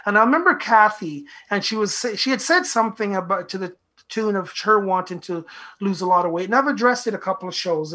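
A man's voice: high voice, pushed and bright. A man hosting a self-help talk show, speaking earnestly and reflectively in a repetitive, lecturing way. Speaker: radio show host.

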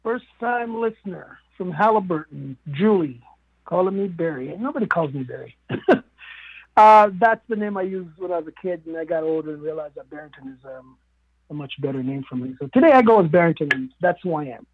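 Husky man over a tinny phone-like line. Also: on the high side, animated, a little fast, dry recording. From Caribbean. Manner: musing, earnest, with many fillers and restarts. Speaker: radio guest speaker. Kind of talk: reflective radio talk. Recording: narrow phone-like radio sound.

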